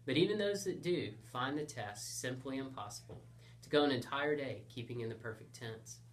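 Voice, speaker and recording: A man voicing a dry, matter-of-fact schoolteacher who speaks in a measured, deadpan way. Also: medium pitch, natural voice.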